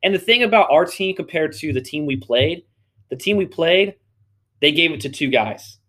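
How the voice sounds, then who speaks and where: A man's voice: a little high, expressive, normal speed, fairly bright tone. A man co-hosting a podcast, telling rambling stories in casual chat and laughing often; he coaches youth flag football. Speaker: podcast co-host.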